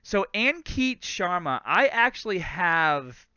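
A man's voice: fairly high pitch, animated, moderate pace, pushed and bright, smooth, no room sound, highs cut off. Chatty man with a light Boston accent. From Lawrence, Massachusetts. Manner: chatty, laughs often, says "bro" and "guys". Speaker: fitness host. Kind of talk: live stream Q&A, casual chat.

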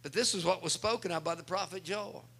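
A man's voice: high-pitched, brisk, vocal fry, fairly bright tone, breathy edge. A male pastor preaching a sermon, speaking with emphasis and turning often to address the congregation.

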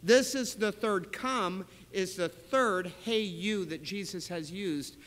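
A male pastor preaching a sermon in a church, telling stories in an animated way with sudden loud bursts. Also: high voice, slow, long reverb tail, rough recording. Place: church sanctuary.

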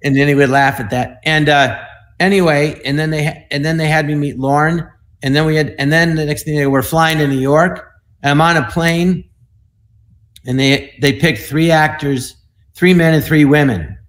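Rambling, animated comedian in his sixties. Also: on the high side. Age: 60s. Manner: animated, rambling, quick to slip into voices. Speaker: guest comedian. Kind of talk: anecdotal storytelling. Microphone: video call.

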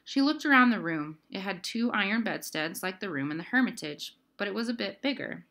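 Bright-voiced woman reading a story. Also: medium pitch, animated, a little fast. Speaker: audiobook reader. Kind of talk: scripted narration.

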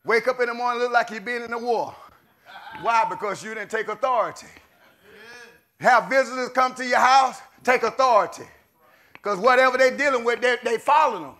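High, bright-voiced preacher. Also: male voice, brisk. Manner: swings between shouting and low murmuring. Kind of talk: sermon.

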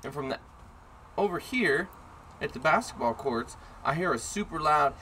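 Bright-voiced, profane storytelling man. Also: fairly high pitch, moderate pace, slight background noise. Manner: profane, sarcastic, animated storyteller. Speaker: podcast host. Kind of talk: casual storytelling chat. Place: in a car.

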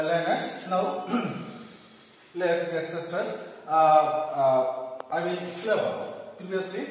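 Slow Bangladeshi male teacher, echoey room. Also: high voice. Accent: Bangladeshi English. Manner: slow, repetitive teaching with many fillers. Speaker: school English teacher. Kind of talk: online classroom lecture. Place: classroom with a board. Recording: very echoey classroom, long reverb.

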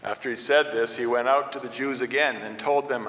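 A male pastor giving a steady, even-paced scripture reading during a church service. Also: medium pitch, brisk, hardly any pauses. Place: church sanctuary. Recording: echoey church hall.

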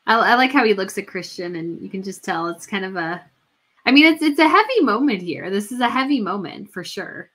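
Bright-voiced gushing woman livestream host. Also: medium pitch, expressive, brisk. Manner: gushing, chatty, many fillers and restarts. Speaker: royal news livestream host. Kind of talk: casual livestream commentary.

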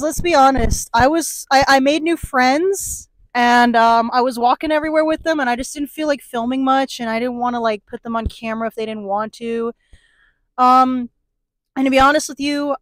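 A young woman chatting in a rambling way to her phone camera in a convention hall, with restarts and small laughs. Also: high-pitched. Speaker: vlogger. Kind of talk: casual convention vlog. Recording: music playing behind the voice.

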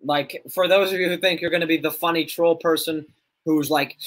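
A man's voice: a little high, moderate pace, a bit bright. A young man chatting casually on a livestream, rambling, laughing often and reacting to chat.

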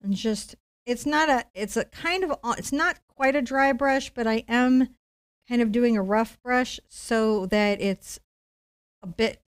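A middle-aged woman leads a live-streamed painting lesson. She tells stories in a chatty, animated way and laughs often. Her voice sits fairly high. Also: unhurried, smooth. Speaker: painting instructor.

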